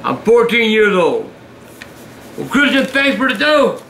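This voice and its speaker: An older man hosting a show, reading fan mail aloud in casual chat, gruff and given to shouting and cursing. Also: high-pitched, sing-song, unhurried. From Southern US. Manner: gruff, shouts and curses in bursts. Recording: echoey room with faint noise.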